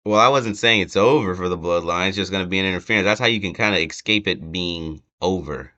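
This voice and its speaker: A young man hosts a casual wrestling prediction chat, rambling and hesitant with lots of fillers and restarts. His voice is deep, fast, pushed and bright. The audio is a dull, lo-fi home recording.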